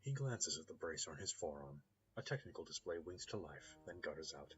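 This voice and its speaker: A man's voice: rumbling low, lively intonation, brisk, soft background music. A man playing a story game, reading its descriptive text aloud with upbeat asides. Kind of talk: game playthrough narration. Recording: slightly dull lo-fi recording with faint noise.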